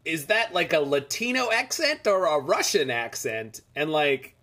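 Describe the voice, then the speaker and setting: A man's voice: fairly high pitch, sing-song, unhurried, sharp tone. A man streaming a game, chatting casually and rambling as he reads the chat aloud. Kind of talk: casual live-stream chat over gameplay.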